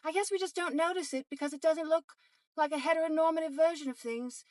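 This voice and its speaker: A preachy, earnest advocate in an exaggerated fake British accent, as a woman puts her on. The voice sits high and lofty, mocking in manner, with a dry sound close to the mic. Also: fairly even intonation, quick pace, darkish tone, dry recording, distant mic, close to an everyday voice. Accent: put-on British.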